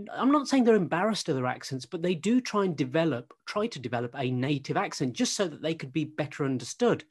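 A man's voice: sits high, slightly rough. A man hosting a podcast. He reads out his guest's introduction and talks in an upbeat way. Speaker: podcast host.

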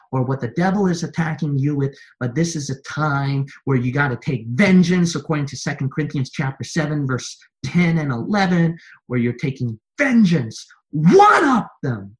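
A man preaching a sermon to his church, repeating refrains and building from quiet, low lines to loud, high-pitched exhortation. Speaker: pastor.

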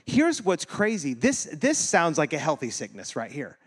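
A man's voice: a little high, huge pitch swings, moderate pace, breathy edge. A man preaching a sermon as pastor, talking casually and animatedly, joking and laughing with his congregation, and acting out quoted voices.

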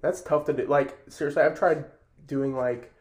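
A man chats as a podcast guest, relaxed and loose, his sentences full of little fillers. His voice is a bit high and bounces around a roomy, echoey space. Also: normal speed. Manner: laid-back, filler-heavy talk. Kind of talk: casual chat. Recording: echoey room.

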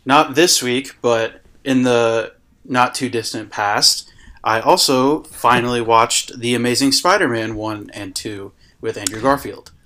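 A man's voice: medium pitch, measured pace, sharp tone. A young man guesting on a podcast in casual chat, easygoing and agreeable. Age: young adult.

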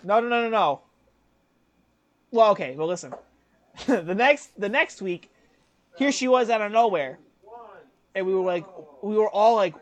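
A man's voice: high voice, unhurried, pauses often. Young guy on a podcast telling a story, laughs a lot, does people's voices. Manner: animated, acts out quoted voices, laughs often. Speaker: podcast co-host. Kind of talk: casual storytelling chat.

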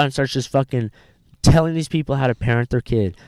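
A man's voice: medium pitch, brisk, darkish tone, no room sound, studio quality. A young man swapping crude stories in a casual podcast chat, mimicking people along the way. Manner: profane storytelling, mimics people in a raised voice.

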